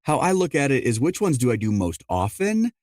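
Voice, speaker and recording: A middle-aged man, an audiobook narrator and dialect coach, answering interview questions in an explanatory way, often quoting people in quick asides. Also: medium pitch, sing-song, a little mellow, no room sound, studio quality.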